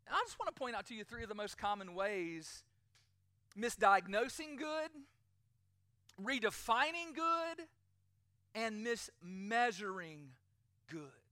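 A pastor preaches in an emphatic, rising and falling delivery. His voice is bright and forward. The sound is dry, with almost no room echo. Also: very high voice, sing-song, slow, long pauses. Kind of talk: sermon.

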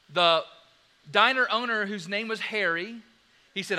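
A preacher delivers a sermon story with animated, dramatic flair, his high-for-a-man voice bright, forward, clear and resonant. He shifts quickly between loud and quiet passages.

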